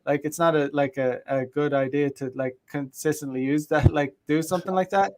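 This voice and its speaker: A man's voice: a little high, fairly even intonation, a little mellow, a little hiss or hum. Opinionated man hosting a podcast. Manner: opinionated, halting, with frequent restarts. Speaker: podcast host. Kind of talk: casual chat.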